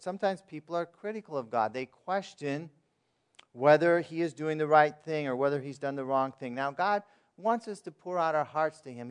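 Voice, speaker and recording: A man's voice: on the high side, clean tone. A man preaching a sermon in a plain, conversational way, asking his listeners questions and reading verses aloud. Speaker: pastor.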